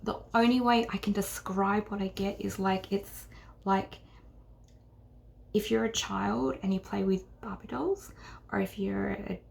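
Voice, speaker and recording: A middle-aged woman giving an intuitive tarot reading to camera, earnest and halting, often sinking into a whisper. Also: mid-range voice, fairly even intonation, gravelly. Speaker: tarot reader.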